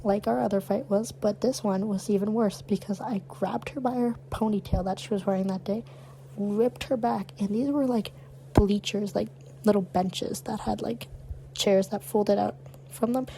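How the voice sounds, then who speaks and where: A woman's voice: medium pitch, moderate pace, gravelly, slight background noise, poor audio. A young adult woman co-hosting a podcast, telling stories bluntly in casual chat. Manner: animated, blunt storyteller. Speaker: podcast co-host.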